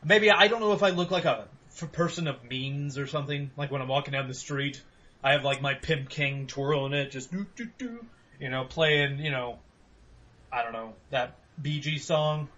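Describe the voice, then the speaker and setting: A man's voice: mid-range voice, fairly even intonation, moderate pace, sharp tone. Rambling young man, lo-fi podcast audio. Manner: rambling, profane storytelling with laughs. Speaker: podcast host. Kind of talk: casual chat.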